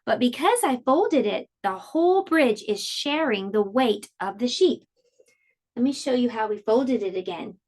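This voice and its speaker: A woman's voice: a little high, expressive, a little mellow. A woman teaching a preschool lesson online, explaining a science activity and reading a storybook aloud to small children. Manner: sing-song and slow, explaining to small children.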